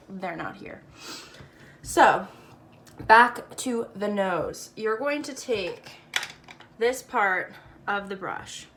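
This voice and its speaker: A woman's voice: medium pitch, fairly bright tone, slight background noise. A woman casually talking through a makeup tutorial, chatty and playful with slangy asides.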